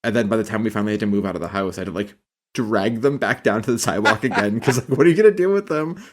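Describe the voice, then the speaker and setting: A man's voice: fairly low pitch, expressive, rapid-fire. A man co-hosting a podcast in casual chat, rambling and laughing, swearing casually. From New England. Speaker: podcast co-host.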